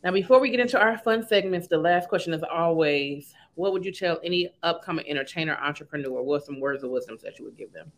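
A woman hosting a casual interview, upbeat, moving through segments with quick questions. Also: lowish voice. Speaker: show host.

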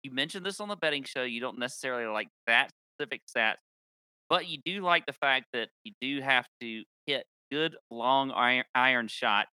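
A man's voice: mid-range voice, pushed and bright, smooth, dry recording. A man co-hosting a casual podcast, laughing easily and arguing his points with stats. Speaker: podcast co-host. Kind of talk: casual chat about golf picks.

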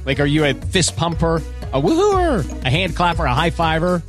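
A man's voice: fairly high pitch, wildly swooping pitch, normal speed, faint music behind. A man reading a chatty, playful radio ad in an upbeat scripted style. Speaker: ad spokesperson.

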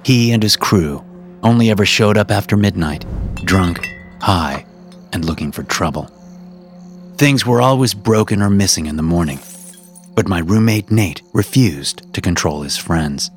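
A man narrating a first-person horror story for his podcast in a steady, measured way. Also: deep voice, soft background music.

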